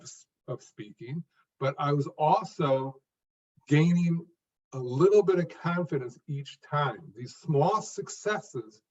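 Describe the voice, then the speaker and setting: Man, fairly high voice, measured phrase-by-phrase speech, distant dull lo-fi recording. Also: darkish tone. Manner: measured, speaks phrase by phrase with pauses. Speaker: guest, stuttering coach. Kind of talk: interview answer.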